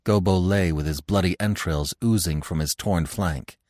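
A man narrating a classic novel in an expressive, dramatic storytelling manner. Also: deep voice, normal speed, dry recording, studio quality.

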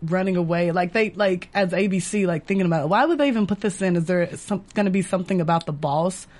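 A woman with a Texas accent co-hosting a casual podcast, talking fast with lots of fillers. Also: fairly low pitch, a little mellow. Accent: Texan. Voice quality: chatty, filler-heavy. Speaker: podcast co-host. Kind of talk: casual recap chat.

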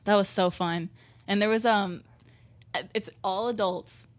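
A woman's voice: medium pitch, steady tone, a little slow, no room sound. A young woman, a touring musician, chatting casually on a podcast, bubbly and laughing often as she acts out what people said.

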